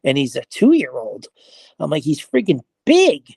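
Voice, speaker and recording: A man, an interview guest who plays horses, telling a story in a casual, animated way. He acts out what other people said and swears now and then. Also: on the high side, measured pace, vocal fry, breathy edge, dry recording. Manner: animated, acts out quoted voices, frequent "I was like", mild swearing.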